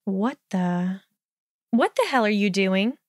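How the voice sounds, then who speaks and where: A woman voicing a sharp-tongued, haughty young witch in a storybook reading, speaking crisply and cuttingly. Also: medium pitch, animated, takes it slowly, dry recording, studio quality. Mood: defiant.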